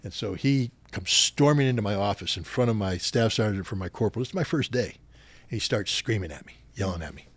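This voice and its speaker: Middle-aged male guest, low voice, dry close sound, animated storyteller who gets louder at the clashes. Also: brisk, no room sound. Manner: animated anecdotes, louder when retelling confrontations. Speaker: podcast guest. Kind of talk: storytelling interview.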